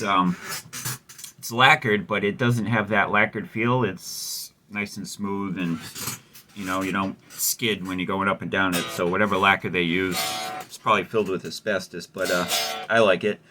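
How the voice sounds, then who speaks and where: In a low, steady voice at a moderate pace, a man hosting a guitar repair video chats casually as he works on a guitar. He rambles, is wry and self-mocking, and uses plenty of fillers.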